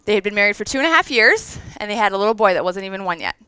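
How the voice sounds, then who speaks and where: A woman in her thirties speaks to an audience in a conversational, earnest devotional talk, emotional at times. Her voice is smooth and resonant, at an average pitch for a woman. The sound is dry and close, with no room echo. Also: big pitch swings, very fast, pushed and bright. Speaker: women's event speaker.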